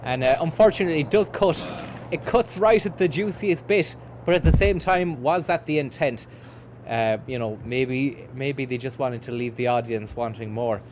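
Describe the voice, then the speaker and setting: In casual let's-play commentary, a man with a mid-range voice speaks at normal speed over background noise. He reads chat messages aloud and responds, rambling and swearing offhandedly.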